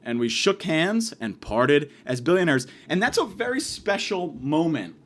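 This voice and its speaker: A man hosting a podcast, telling a rambling, profane comic story in a casual, animated way. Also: fairly high pitch. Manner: profane, rambling, fast, lively delivery. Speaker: podcast host.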